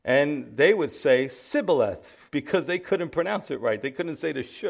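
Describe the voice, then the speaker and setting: A man's voice: a little high, moderate pace, creaky. A man with a New York accent preaching a sermon, reading scripture and retelling it with humorous asides. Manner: animated storyteller, acts out quotes with humorous asides. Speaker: pastor.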